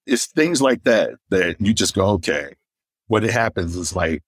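Comedian guy from michigan, real low voice, dry close mic, acts out the other people in his stories. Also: moderate pace, breathy edge, no echo. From Michigan, USA. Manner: animated anecdotes, acting out others' lines; deaf in one ear. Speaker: stand-up comedian, guest. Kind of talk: storytelling in a podcast interview.

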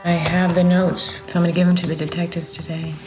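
A woman's voice: lowish voice, little pitch movement, fast, music in the background. A woman speaking earnestly in a documentary interview. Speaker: grieving mother in a documentary.

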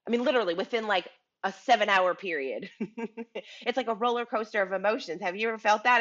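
A woman's voice: mid-range voice, a little fast, fairly bright tone, muffled recording. A woman giving a casual motivational talk, chatty, often restarting words and checking in with the listener. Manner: chatty, repeats words and asks the listener "right?". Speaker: speaker on a business show.

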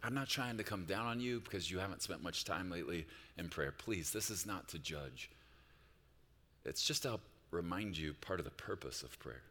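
A pastor delivering a sermon, moving between quiet reflective passages and loud, urgent appeals. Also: male voice, deep voice, expressive, moderate pace, big-room sound. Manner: swings from hushed reflection to loud, rising exhortation.

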